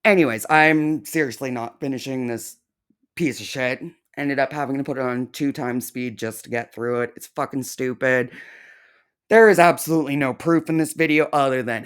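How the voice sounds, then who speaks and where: A woman's voice: a bass voice, a little slow. A woman hosting a reaction video, ranting in a profane, sarcastic and scornful way. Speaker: reaction channel host.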